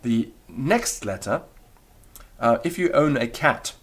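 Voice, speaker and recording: In a recorded beginner language lesson, a man with a mid-range, expressive voice speaks slowly. He explains things patiently and demonstrates the sounds aloud.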